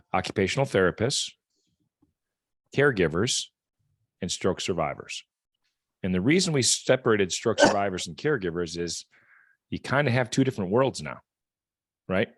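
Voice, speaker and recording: A man with a fairly low voice talks to a support group as a guest. He tells his stories earnestly and conversationally, doubling back on words. The sound is close and dry, with no room around it. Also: lively intonation, moderate pace, no room sound. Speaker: guest speaker from a rehab equipment company. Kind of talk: storytelling talk at a support group meeting.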